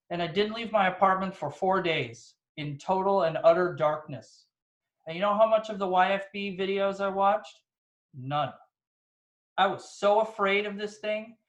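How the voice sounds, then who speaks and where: Brief: man with a high voice, lively motivational storyteller on a video call, echoey room. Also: highs cut off. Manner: energetic, storytelling, rhetorical questions. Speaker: insurance agent guest speaker.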